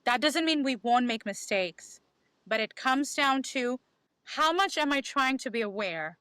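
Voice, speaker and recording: A woman's voice: sits high, expressive, unhurried, a bit bright, dry recording. A woman talking as a podcast guest, giving emphatic advice that repeats key phrases and acts out inner dialogue. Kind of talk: animated conversational advice.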